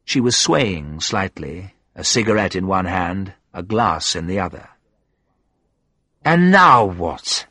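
A man narrating a first-person audiobook in a measured, sombre way. His voice is low and husky. The recording is dry and close. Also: a bit bright, no echo.

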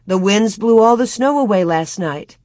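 Reading an audiobook, a woman voices a firm, careful pioneer mother. Her mid-range voice is animated, a little mellow, close to an everyday voice, and moves at a moderate pace. The dry recording is studio quality.

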